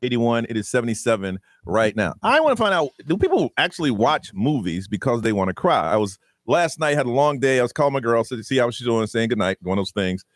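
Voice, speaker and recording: A man's voice: medium pitch, fast talker, hardly any pauses, no room sound. A man hosting a morning radio show, chatting casually in the studio, telling stories, acting out the dialogue in them, and laughing often. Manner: animated storyteller who acts out quoted dialogue and laughs often. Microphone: studio microphone.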